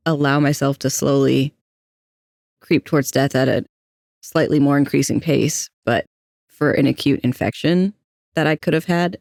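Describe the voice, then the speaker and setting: A man's voice: mid-range voice, gravelly, a little mellow, dry recording, clean studio sound. A young adult trans man co-hosting a podcast, telling personal stories in a candid, anxious, self-deprecating way. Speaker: podcast co-host. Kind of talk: casual personal storytelling.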